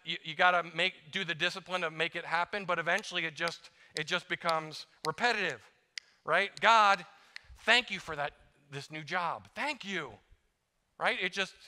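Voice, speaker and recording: Bright-voiced male preacher in a reverberant church. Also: fairly high pitch, smooth. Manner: conversational, self-deprecating, acts out little prayers. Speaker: guest preacher. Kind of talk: sermon. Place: church sanctuary.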